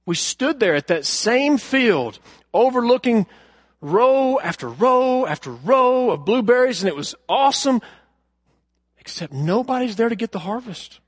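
A man preaching a sermon, telling a story earnestly and asking the congregation questions, moving from loud emphasis to hushed lines. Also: very high-pitched, sing-song, unhurried, no room sound, clean studio sound. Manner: addresses the congregation directly with questions. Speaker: pastor.

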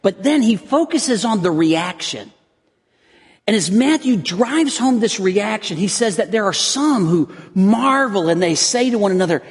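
A man's voice: high voice, lively intonation, measured pace, slightly rough. A man preaching a sermon as a pastor, earnest and building to intense emphasis, with frequent restarts. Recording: long reverb of a hall.

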